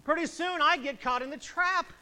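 A high-pitched man with a bright, sharp tone preaches a revivalist sermon with fire. He swings between booming bursts and low, hushed stretches, pressing his points home. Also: normal speed, low-quality recording.

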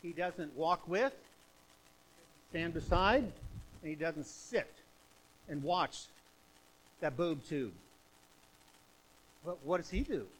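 A man preaching a fiery revivalist sermon, swinging between loud bursts and hushed, quieter stretches. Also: fairly high pitch, lively intonation, slow, long pauses, a little hiss or hum, low-quality recording.

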